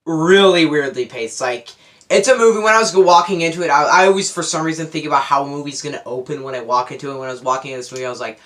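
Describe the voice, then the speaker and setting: A man's voice: mid-range voice, fast talker, fairly bright tone. A young man giving a casual, unscripted movie review, rambling and correcting himself as he goes. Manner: rambling, self-correcting, enthusiastic.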